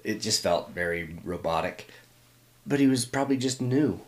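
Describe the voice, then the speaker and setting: A middle-aged man with a very deep, low voice, from Northern California. He talks reflectively in an interview, often pausing and restarting his thoughts. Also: lively intonation.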